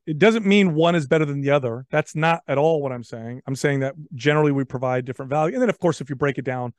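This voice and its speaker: A man's voice: fairly high pitch, quick pace, no room sound. Chatty man on a dry close mic. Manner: animated storyteller with frequent repeated words. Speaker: podcast guest. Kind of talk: casual chat.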